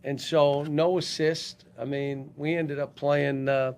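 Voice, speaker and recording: Older male head coach, gravelly, blunt and halting, speaking into a table mic at a post-game press conference. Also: fairly high pitch, level tone. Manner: blunt, halting, frequent restarts.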